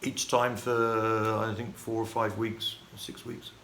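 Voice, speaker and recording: A man from the United Kingdom telling his life story in a casual, halting vlog monologue full of restarts and fillers. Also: fairly low pitch, little pitch movement, a bit bright. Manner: rambling, halting, many restarts and fillers, chuckling. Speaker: vlogger. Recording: echoey room with faint ambient noise.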